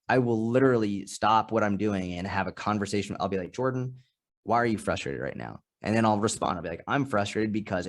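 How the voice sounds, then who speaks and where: Animated low-voiced man telling stories. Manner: animated storytelling, acts out quoted voices, frequent restarts. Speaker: podcast guest, strength and nutrition coach. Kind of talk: casual interview chat.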